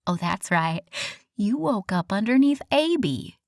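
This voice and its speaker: A woman's voice: very animated, measured pace, no echo, clean studio sound. A woman voicing a petite, smug young woman who teases her friend with a drawl in an audiobook. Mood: teasing. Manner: teasing, drawling, higher and louder. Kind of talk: audiobook character voice.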